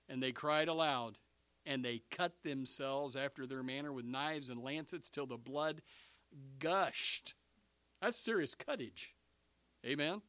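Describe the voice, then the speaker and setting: A man preaching a sermon, animated, swinging between loud bursts and hushed asides. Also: a little high, a little slow, long pauses, dry recording.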